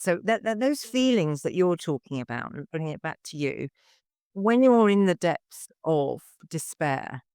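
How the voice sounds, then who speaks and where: A man's voice: a little high, a little mellow, clear, resonant tone, dry recording, studio quality. A man hosting a podcast interview, talking in a rambling, reflective way with lots of restarts. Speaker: podcast host. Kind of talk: conversational interview.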